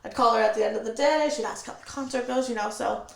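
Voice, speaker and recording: A woman's voice: on the high side, quick pace, gravelly, echoey room, poor audio. A woman telling her own story as an interview guest, recounting events steadily and vividly and acting out the dialogue.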